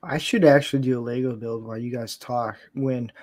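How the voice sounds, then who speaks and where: A man who grew up in Florida, talking casually at an ordinary middle pitch. He wanders from thought to thought, laughs at himself often and keeps things loose and unpolished. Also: steady tone, fast, a little mellow. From Florida, USA. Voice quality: rambling, chuckling, self-deprecating. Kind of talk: casual chat.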